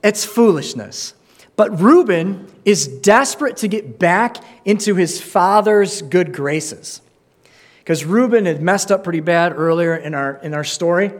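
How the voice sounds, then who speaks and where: A man with a high voice gives an earnest sermon as a pastor. He often restarts his words and slips into acted-out quoted voices while explaining scripture. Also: lively intonation, unhurried. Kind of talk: sermon with Bible reading.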